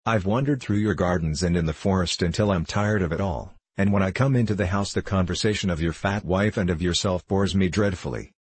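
A man doing a vain glass cat from a storybook, she-cat, haughty and scornful, talking down to everyone in a low, husky voice. Dry, close sound. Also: brisk, few pauses, no room sound.

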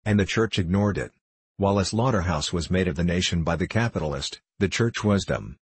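A man's voice: sits low, expressive, fairly quick, breathy edge, dry recording. A man voicing a fierce male socialist debater who argues insistently and without mercy. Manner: forceful, cutting, insistent.

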